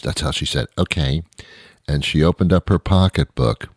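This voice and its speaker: A middle-aged man delivering a rambling comic monologue, full of restarts and deadpan asides. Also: a bass voice, a little fast, breathy edge, no room sound, clean studio sound. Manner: meandering, self-interrupting, deadpan asides. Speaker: comedian host.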